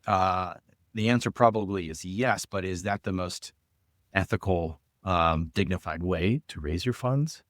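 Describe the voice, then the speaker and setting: A man's voice: sits low, unhurried, no room sound, clean studio sound. A man talking casually on a podcast about fundraising as a coach, thoughtful, with restarts and many fillers.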